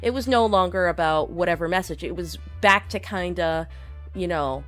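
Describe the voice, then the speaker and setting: A woman's voice: fairly low pitch, moderate pace, faint music behind. A young woman streamer talking casually, ranting in an opinionated, rambling way. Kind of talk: casual live-stream chat.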